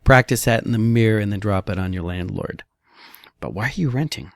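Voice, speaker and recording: Blunt real estate broker. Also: male voice, lowish voice, normal speed, gravelly, no room sound. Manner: blunt, conversational, peppers talk with "all right" and "okay". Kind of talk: casual commentary on market articles and slides.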